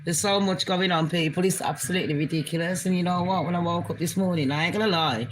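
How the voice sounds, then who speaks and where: A woman's voice: fairly low pitch, quick pace, slight background noise, low-quality recording. A British Jamaican woman vlogging an angry political rant, heated and profane, swearing constantly.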